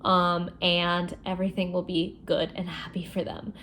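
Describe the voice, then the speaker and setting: A young woman in a casual book vlog, chatty and expressive, recapping a novel with frequent fillers. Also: on the low side, normal speed, slight background noise. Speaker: book vlogger.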